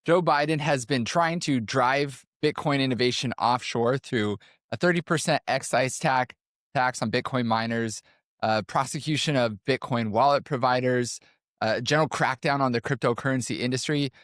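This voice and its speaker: Man co-hosting a podcast in a steady voice. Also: medium pitch, normal speed, no room sound, clean studio sound. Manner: steady, leads segments, laughs easily. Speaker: podcast co-host. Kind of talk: podcast discussion.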